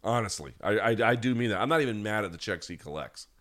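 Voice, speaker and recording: A man's voice: fairly low pitch, lively intonation, fast talker, a bit bright. A man hosting a live chat, ranting bluntly and with plenty of profanity, now and then mocking people in put-on voices. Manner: mocks others in put-on voices. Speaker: host.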